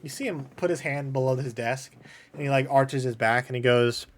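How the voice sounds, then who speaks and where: A man's voice: medium pitch, moderate pace. A man narrating a tabletop game as game master, in a casual, loose way.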